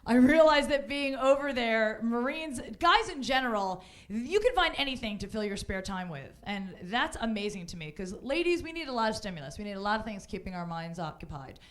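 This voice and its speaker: A woman with a slightly high voice works a club crowd in a brash, bawdy stand-up set. She keeps sliding into mocking voices for the people in her stories. The room around her rings with echo. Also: lively intonation, a little fast, few pauses. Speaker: stand-up comedian. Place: comedy club stage with a live audience.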